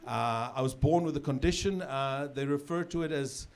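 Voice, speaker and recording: A middle-aged man from South Africa doing a stand-up comedy set on stage, chatty and loose, with sudden shouted punchlines. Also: medium pitch, moderate pace. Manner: conversational, with filler repeats and sudden shouted punchlines. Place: comedy stage with a live audience. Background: audience laughter.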